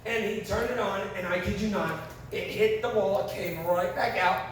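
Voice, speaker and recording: High-voiced man doing profane stand-up. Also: normal speed. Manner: profane, animated storytelling with acted-out quotes. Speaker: comedian. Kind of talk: stand-up comedy set. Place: live comedy venue. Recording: very echoey, distant, noisy live room.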